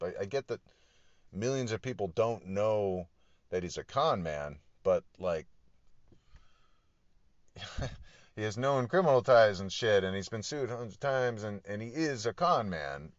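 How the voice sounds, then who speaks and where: A man's voice: deep voice, normal speed, dry recording, lo-fi sound. A man hosting a podcast, ranting in a profane, exasperated, rambling way and laughing between points. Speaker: podcast host. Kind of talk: casual political rant.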